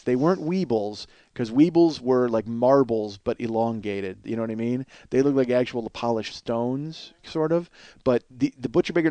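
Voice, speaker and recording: Chicago guy in his 40s, comedy podcast host, rambly and sweary, middle pitch, gets loud and animated telling it. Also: no echo. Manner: rambling, profane, animated when worked up. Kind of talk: casual comedic storytelling.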